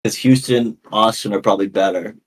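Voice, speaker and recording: A man's voice: fairly low pitch, brisk. A young man from New England, co-hosting a podcast in casual chat, rambling and swearing, with "dude" and "like" in most sentences. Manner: rambling, swears a lot, says "dude" and "like" often. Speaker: podcast co-host.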